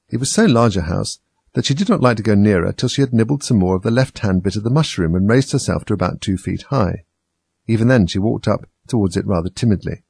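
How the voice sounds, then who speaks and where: Gravelly, husky man reading a storybook. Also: lowish voice, darkish tone, dry recording. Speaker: narrator.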